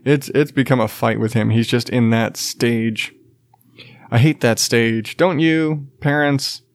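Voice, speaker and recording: A man's voice: medium pitch, steady tone, takes it slowly, no echo, clean studio sound. A tired man in his thirties, a podcast host and father, chatting casually, rambling and restarting sentences, laughing often and swearing casually. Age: 30s. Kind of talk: casual chat.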